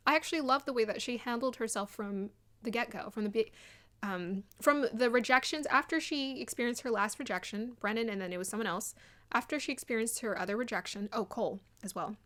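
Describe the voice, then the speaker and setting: A young woman giving casual, animated commentary on a dating show, acting out quotes in an excited voice. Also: on the high side. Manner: chatty and animated, mimics people in quotes.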